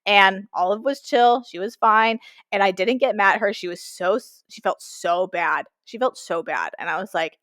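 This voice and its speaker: Woman, casual podcast chat, animated storytelling, mid pitch, dry. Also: moderate pace, no echo. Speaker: podcast co-host.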